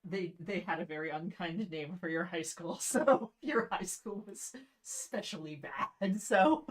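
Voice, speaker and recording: A woman's voice: fairly low pitch, measured pace. Blunt, foul-mouthed young woman co-host. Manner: blunt, profane, laughs often. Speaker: podcast co-host. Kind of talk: casual chat.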